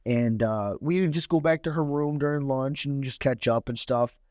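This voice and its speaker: A man's voice: medium pitch, normal speed, darkish tone, no room sound. Casting: young man from Cleveland, podcast guest, blunt street storyteller, mid-range voice, dry close mic. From Cleveland, Ohio. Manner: candid, streetwise, swears freely. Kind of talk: casual storytelling.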